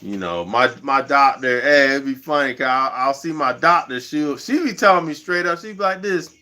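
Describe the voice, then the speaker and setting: A man's voice: mid-range voice, moderate pace, pushed and bright. A man hosting a livestream in a slangy, rambling casual chat, laughing often. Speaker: livestream host.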